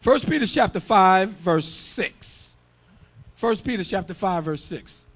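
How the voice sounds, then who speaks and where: A male preacher with a high, widely swinging voice delivers a sermon. He is emphatic and breaks into shouts, throws rhetorical questions at the congregation and calls for readings and responses. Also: lively intonation, takes it slowly.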